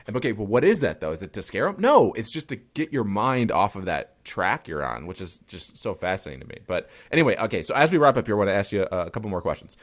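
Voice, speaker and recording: A man's voice: on the low side, sing-song, quick pace, few pauses. A man hosting a podcast interview, talking in a loose, chatty way and swearing casually. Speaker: podcast host.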